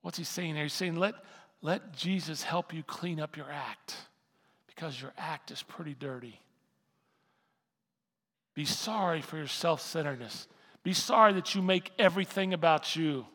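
A man's voice: on the high side, moderate pace, fairly bright tone. An older male pastor giving a conversational sermon, repeating phrases for emphasis. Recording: long hall reverb.

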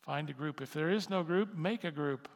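A man preaching a sermon with a gravelly, fairly high voice that climbs to loud, emphatic peaks. His words ring out with a long reverb, as if carried through a large hall. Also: normal speed. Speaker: pastor.

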